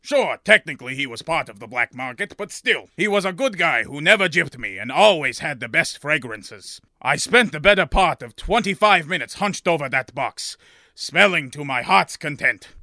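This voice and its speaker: Man, comic narrator, prim and overly formal, very bright tone, slightly high voice. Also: expressive, normal speed, dry recording, studio quality. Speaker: narrator and shopkeeper. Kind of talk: comedic scripted narration.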